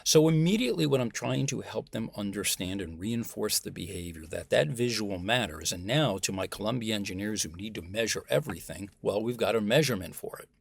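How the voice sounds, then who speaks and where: Husky, gravelly American man. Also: lowish voice, brisk, few pauses, no room sound. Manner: animated and emphatic, acts out example voices. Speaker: communication professor, interview guest. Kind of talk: conversational interview.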